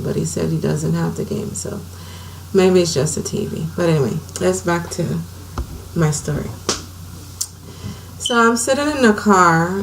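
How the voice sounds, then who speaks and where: Creaky-voiced woman telling her story. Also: fairly low pitch, a little hiss or hum, rough recording. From Saint Croix, US Virgin Islands. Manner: candid, conversational, emotional retelling. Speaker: vlogger. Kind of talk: personal storytelling. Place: her home.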